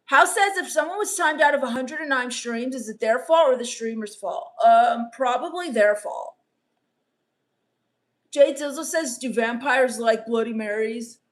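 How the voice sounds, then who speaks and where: A woman playing a sullen, scornful goth teen vampire on a comedy live stream, reading chat with deadpan, sarcastic put-downs. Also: on the high side, a little slow, close to an everyday voice.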